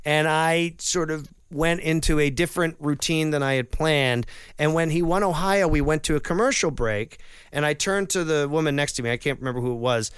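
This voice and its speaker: Clear-voiced man telling a lively story. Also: on the high side, a little fast, dry recording, clean studio sound. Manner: animated storyteller who acts out quoted voices. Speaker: comedian and impressionist. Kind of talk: casual interview storytelling.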